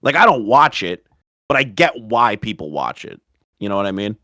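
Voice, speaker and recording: A man with a somewhat low voice tells rambling stories on a podcast, swearing freely as he goes. The sound is dry and close. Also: sing-song, normal speed, bright, forceful tone, no room sound. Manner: rambling storyteller, swears often. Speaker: podcast co-host. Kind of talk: casual podcast chat.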